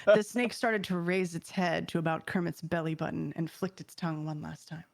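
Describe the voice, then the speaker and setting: A woman's voice: fairly low pitch, fairly even intonation, moderate pace, vocal fry, no echo. A woman streamer reading fan fiction aloud to friends, narrating with mock seriousness. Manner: reads with mock seriousness, breaking into laughter.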